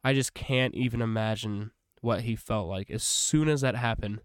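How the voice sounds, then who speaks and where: A man's voice: on the low side, moderate pace, smooth, no room sound, clean studio sound. A young man hosting a podcast, reading Bible passages aloud and then chatting about them with fillers and self-corrections. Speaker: podcast host. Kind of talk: casual Bible reading and commentary.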